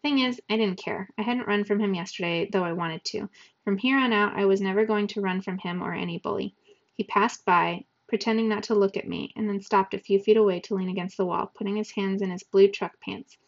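A woman reads a novel aloud to students in a measured storytelling voice. Her tone has a gravelly rasp, and the recording is dull and lo-fi. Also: mid-range voice, steady tone. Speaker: reader. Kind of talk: audiobook reading for students.

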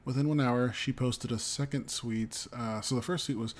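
A man's voice: medium pitch, brisk, few pauses. A man co-hosting a podcast, reading entertainment news aloud with frequent ums and casual asides. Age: adult parent of a young child. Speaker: podcast co-host.

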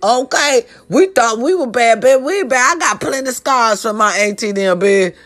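Loud, profane woman telling stories. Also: fairly high pitch, normal speed. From American South. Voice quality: profane, loud and animated, swings from hushed to shouting. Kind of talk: casual comedic storytelling monologue.

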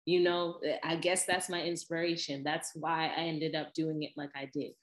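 A woman with a low voice talks in a loose, animated way, jumping between tangents and putting on quick voices. Her voice rings off the walls of a reverberant room. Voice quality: animated, lively with laughs and imitated voices. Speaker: podcast host. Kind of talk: casual chat. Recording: echoey room.

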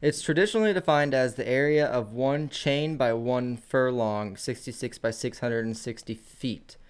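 A man's voice: mid-range voice, normal speed, clear, resonant tone. A man on a casual podcast who rambles, swears freely and reads out facts. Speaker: podcast co-host.

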